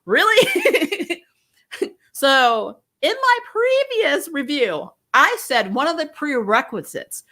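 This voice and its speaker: Bright, laughing woman reviewer. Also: sits high, slow, hardly any pauses. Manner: animated, laughs often, mimics voices. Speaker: show reviewer. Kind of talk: casual review chat.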